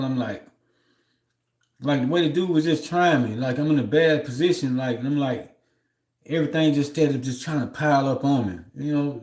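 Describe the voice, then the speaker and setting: A man's voice: medium pitch, darkish tone. Man rambling in a roomy echo. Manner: loose, rambling, repeats "you know what I'm saying"; heated and aggrieved when telling of mistreatment. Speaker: livestream host. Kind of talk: casual storytelling on a livestream.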